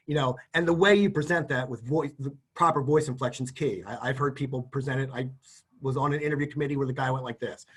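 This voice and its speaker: A man's voice: medium pitch, fairly even intonation, quick pace, slightly rough. A middle-aged man giving practical job interview advice in a conversational, folksy way, often acting out sample lines. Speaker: career services presenter. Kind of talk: instructional talk.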